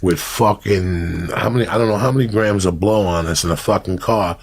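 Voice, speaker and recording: An older man tells profane street stories as a host. His voice sits low, rough and gravelly, with a raspy, husky edge. He talks in a loose, animated monologue. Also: brisk, no room sound. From New Jersey. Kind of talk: casual storytelling monologue.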